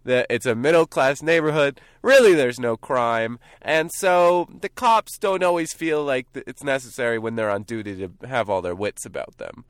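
A man's voice: medium pitch, animated, normal speed, hardly any pauses, smooth, no room sound, studio quality. A young man from New Jersey hosting a casual podcast outdoors, telling stories loosely with jokes and fillers. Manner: joking, loose storytelling with fillers. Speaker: podcast host. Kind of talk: casual chat. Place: outdoors by a canyon overlook.

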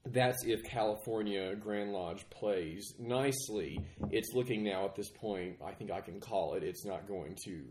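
Low-voiced man with a chest cold. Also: noisy background. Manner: measured, explanatory, with restarts. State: recovering from a chest cold, coughing. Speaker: guest. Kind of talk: casual podcast conversation. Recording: roomy echo.

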